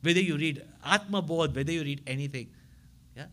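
A man delivers a storytelling sermon as a spiritual teacher. He talks in an animated way and keeps checking in with his listeners through short tag questions. His voice sits somewhat above the usual male pitch. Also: brisk, pauses often, slight background noise.

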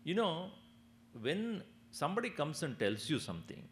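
A man's voice: fairly high pitch, normal speed, a little hiss or hum. A man giving a spiritual discourse, telling stories, chuckling and asking his listeners questions. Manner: animated, chuckling, asks the audience questions. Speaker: spiritual teacher. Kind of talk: discourse with storytelling.

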